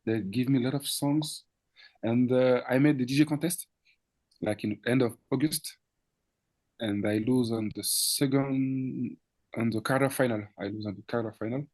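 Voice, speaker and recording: Man, lively storytelling DJ. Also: mid-range voice, moderate pace. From France. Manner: animated, laughing, acts out quoted dialogue. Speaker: DJ guest. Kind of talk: casual storytelling interview.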